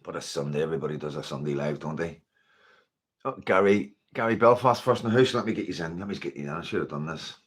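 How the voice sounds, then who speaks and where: Speaking fast and expressively in a low-pitched voice, a Northern Irish man runs a casual livestream. He chats and rambles, greets viewers by name, and peppers his talk with fillers such as "like" and "you know."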